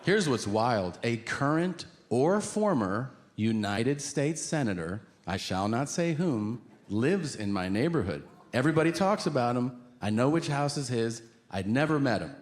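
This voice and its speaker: A man doing stand-up storytelling on a live stage, profane and incredulous, with deadpan punchlines. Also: medium pitch, measured pace. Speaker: stand-up comedian. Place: live comedy stage before an audience. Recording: noisy live stage recording.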